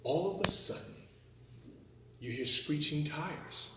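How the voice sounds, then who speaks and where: A man telling a comic story at a live storytelling performance, animated and acting out the scenes. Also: fairly high pitch, takes it slowly, gravelly, slight background noise. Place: performance venue. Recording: echoey room, mic at a distance.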